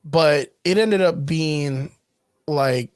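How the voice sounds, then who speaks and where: A man co-hosting a casual livestream chat, talking in an animated way and laughing easily. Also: fairly high pitch, extremely slow, no room sound, clean studio sound. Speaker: podcast co-host.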